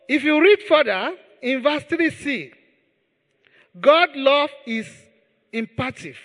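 A male pastor delivers a sermon in a very high, bright voice and takes his time over each phrase. He stresses and repeats key words. His voice rings with long reverb through the hall. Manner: emphatic, repeats key words, leads the congregation in prayer.

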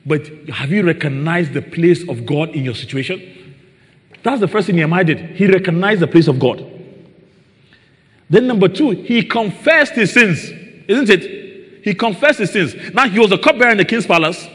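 A man's voice: high voice, lively intonation, normal speed, fairly bright tone. A man preaching a sermon, often asking his listeners rhetorical questions. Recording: long reverb in a large hall.

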